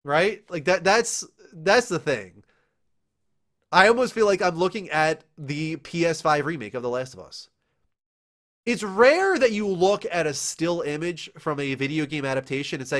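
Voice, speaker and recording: A young man hosting a casual entertainment news show, talking in an excitable, animated way with quick asides. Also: on the high side. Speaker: show host.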